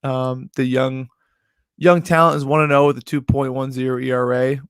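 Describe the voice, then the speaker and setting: A young man tells a long, rambling story as a sports betting host, filling his talk with "like" and "yo". His voice sits at an ordinary middle pitch. The sound is dry and close, with no room around it. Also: moderate pace, clear, resonant tone, no echo. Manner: rambling, animated storyteller full of "like". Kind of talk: casual storytelling recap.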